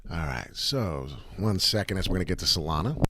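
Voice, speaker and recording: A man hosting a casual livestream of crypto chart commentary, rambling and swearing freely, with a slightly raspy voice this morning. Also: deep voice, lively intonation, brisk, pushed and bright, no room sound. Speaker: crypto chart analyst host.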